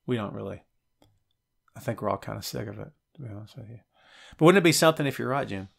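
A middle-aged man hosting a live show, reading out chat messages and wisecracking in an animated, conversational way. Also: on the low side, fast talker, creaky, husky. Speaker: podcast host.

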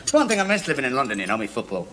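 An actor playing a cheeky, argumentative young Liverpudlian man in a 1970s sitcom, mocking and quick to argue back. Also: medium pitch, huge pitch swings, bright, forceful tone. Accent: Liverpool Scouse.

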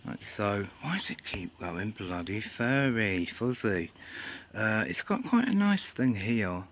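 A low-voiced man talks into a handheld camera outdoors, his pitch bouncing around a lot as he jokes and mutters. The recording carries clear background noise. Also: very animated, slow, fairly bright tone, poor audio. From England. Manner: rambling, jokey, swears under his breath. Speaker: sneaker reviewer. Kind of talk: casual outdoor product review. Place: outdoors on a cold grey day.

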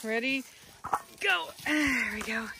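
A woman's voice: high-pitched, lively intonation, takes it slowly, vocal fry, background noise. A woman, filming a casual vlog outdoors as she plays with her dogs, laughing and calling commands to them.

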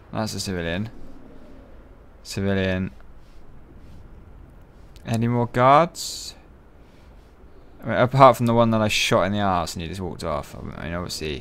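A man giving profane, excitable, joking let's-play commentary. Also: lowish voice, a little hiss or hum. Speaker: gaming channel host.

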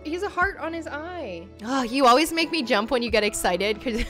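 Excitable gushing woman streamer. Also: high voice, moderate pace. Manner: gushing, excitable, often laughing. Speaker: gaming streamer. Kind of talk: casual gameplay chat. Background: background music.

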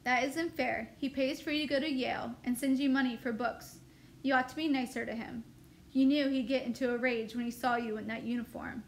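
A woman's voice: sits high, fairly even intonation, brisk, slight background noise. Woman reading a pert farm boy. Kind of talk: reading a novel aloud.

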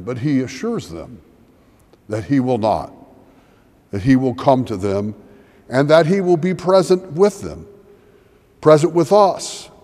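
A middle-aged man, a pastor, preaching a measured, reflective sermon in a church sanctuary. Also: medium pitch, darkish tone. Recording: long church reverb.

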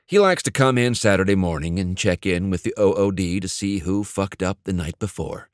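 A man's voice: deep voice, lively intonation, normal speed, dry recording, clean studio sound. A man narrating an audiobook and voicing a sneering male gunnery sergeant who snaps and condescends. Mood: snapping. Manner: snapping, condescending.

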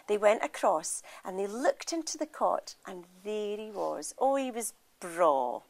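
A woman with a Scottish accent telling a folk tale aloud, expressive and lively, speaking straight to her listeners. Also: medium pitch, takes it slowly. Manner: lively, expressive, addresses the audience. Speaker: storyteller. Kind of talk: oral storytelling.

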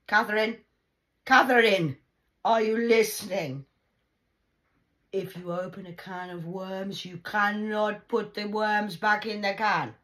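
A woman's voice: medium pitch, level tone, measured pace, hardly any pauses, fairly bright tone, natural voice. A woman voicing her nagging old grandmother, who scolds insistently and keeps repeating the same name.

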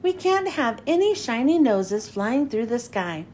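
A woman's voice: fairly high pitch, big pitch swings, unhurried, darkish tone. Stern old Santa, a woman doing the voice, firm and doubtful, storybook read-aloud, faint hiss.

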